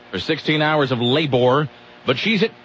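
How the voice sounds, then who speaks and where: A man's voice: a little high, fairly bright tone. A man hosting a radio show, reading news stories aloud with sarcastic, mocking asides. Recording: muffled radio sound with faint noise.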